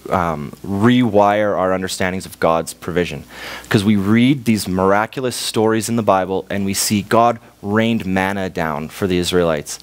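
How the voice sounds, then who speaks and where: A young man from Canada preaching a sermon in church, telling a parable and acting out its voices. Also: low voice. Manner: storytelling, acts out voices in a parable.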